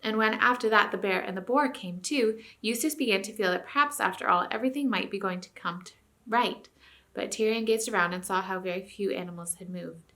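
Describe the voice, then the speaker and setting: A woman teacher reading a novel aloud to her class, with clear storytelling. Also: mid-range voice, brisk, bright, forceful tone.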